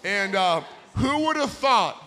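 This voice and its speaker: A man preaching at a camp, telling stories in an animated way that swings from shouting to hushed asides, recorded in a meeting hall. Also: high voice, slow pace. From United States. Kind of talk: storytelling sermon. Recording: long reverb of a large hall.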